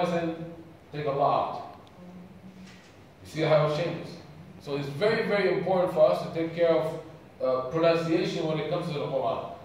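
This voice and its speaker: Camp speaker, male, from Sudan, higher-pitched, echoey hall recorded from afar. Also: darkish tone, slight background noise. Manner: engaging, asks audience questions. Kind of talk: religious talk to youth. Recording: echoey hall, distant mic.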